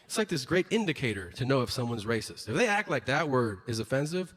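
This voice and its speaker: A man's voice: mid-range voice, quick pace. A man doing a stand-up comedy routine, telling stories animatedly and acting out the people in them, with a lot of profanity. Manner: animated storytelling, acts out characters, profane. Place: stage before a laughing audience. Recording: noisy live show recording.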